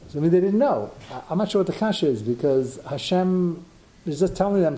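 A man's voice: high-pitched, animated, a little fast, warm tone. A man teaching a Talmud lecture who thinks aloud, asks rhetorical questions and mixes in Hebrew terms. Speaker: Torah teacher.

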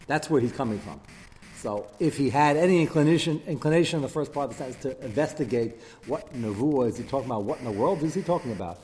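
A man giving a Torah class lecture, taking questions and acting out the quotes he reads with quick asides. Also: medium pitch, expressive, darkish tone. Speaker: rabbi teaching a class. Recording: reverberant hall with faint background noise.

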